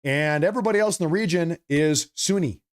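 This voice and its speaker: Animated man hosting a political livestream. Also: on the high side, a little fast. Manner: animated, repeats phrases, apologetic asides. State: slight cough. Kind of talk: casual livestream commentary reading viewer chats.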